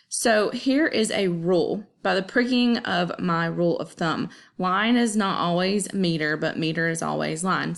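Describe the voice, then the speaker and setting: Gravelly-voiced teacher woman explaining poetry. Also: fairly low pitch. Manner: chatty, checks in with "okay?" often. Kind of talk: casual classroom explanation.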